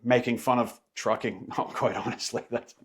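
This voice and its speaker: A middle-aged man, a trucker and podcaster, chatting as a guest, animated and often repeating words as he searches for them. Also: medium pitch, moderate pace. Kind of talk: casual storytelling chat.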